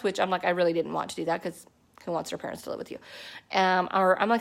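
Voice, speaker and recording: A woman's voice: medium pitch, brisk, a bit bright. A woman in her thirties telling her personal story to a team in a casual, chatty way, with many fillers and restarts. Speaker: network marketing distributor.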